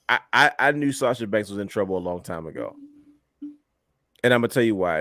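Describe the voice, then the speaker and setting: A young man with a fairly low voice co-hosts a wrestling podcast in a dry, close sound. He talks in an animated, emphatic way and stacks up repeated words when he presses an argument. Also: no echo. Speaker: podcast co-host. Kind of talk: casual wrestling podcast talk.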